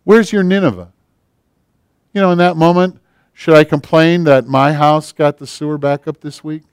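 Smooth-voiced male pastor preaching conversationally. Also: a little high, fairly even intonation, moderate pace, no echo, studio quality. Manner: conversational preaching, acting out quoted prayers and asking the congregation questions. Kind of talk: sermon.

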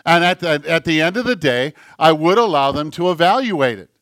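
A man's voice: fairly high pitch, animated, fairly quick, a bit bright, no echo, clean studio sound. A man preaching a sermon as pastor, earnest, with a repetitive, building cadence.

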